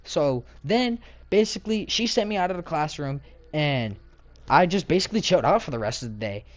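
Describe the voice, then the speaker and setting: A man's voice: on the high side, expressive, a little fast. A man telling a casual storytime about a clash with his teacher, slangy, rambling and indignant.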